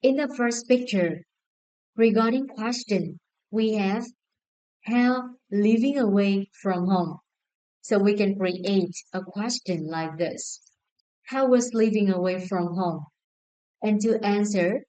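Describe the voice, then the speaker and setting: A woman with a Vietnamese accent teaching an English lesson, giving clear, encouraging instructions to a class. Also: mid-range voice, takes it slowly, dark tone, rough recording.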